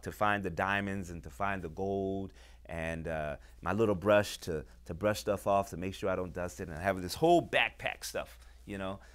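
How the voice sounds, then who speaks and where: A man hosting a show, talking with deep emotion and passion, acting out quoted voices as he makes his points. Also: a bit bright, smooth. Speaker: host. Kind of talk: impassioned talk to camera.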